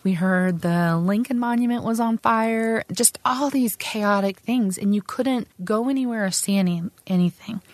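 A woman's voice: mid-range voice, normal speed, few pauses, no room sound. Middle-aged female army vet, earnest oral-history storyteller, dry close mic. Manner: earnest, conversational, with frequent restarts and fillers. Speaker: army veteran recounting service.

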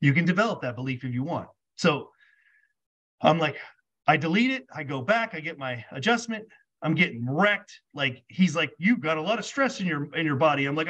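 A man's voice: a little high, normal speed, dull audio. A man, a podcast guest, telling a personal story casually, acting out both sides of conversations with lots of "like". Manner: animated storyteller acting out dialogue, many "like"s.

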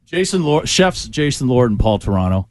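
A man's voice: mid-range voice, very animated, moderate pace, darkish tone, dry recording. A man hosting a casual radio show in a studio, joking around with lots of fillers and restarts. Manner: jokey, filler-heavy, easily distracted. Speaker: radio host. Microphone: studio microphone.

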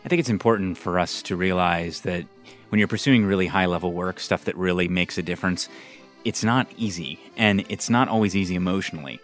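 A man hosting a podcast, narrating between clips in an earnest, measured way. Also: sits low, soft background music. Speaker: podcast host.

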